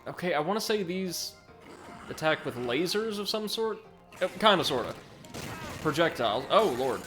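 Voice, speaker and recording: Faint music plays behind this man's fairly high voice as he talks at normal speed. Hosting a let's play, he chats loosely, reacts to viewers during gameplay, and frequently fixes his own sentences partway through. The tone is excitable and talkative: easygoing commentary on the game alongside chat reading.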